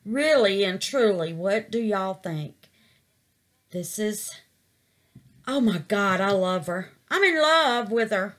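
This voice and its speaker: Slow, animated woman crafter. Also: mid-range voice. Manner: chatty, calls viewers babies, exclaims to the Lord. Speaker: resin crafter. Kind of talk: casual crafting vlog.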